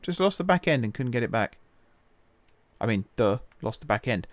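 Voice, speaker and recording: A man's voice: medium pitch, big pitch swings, normal speed. A man hosting a gaming channel, chatting and joking to himself while commentating a racing game. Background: game music and engines.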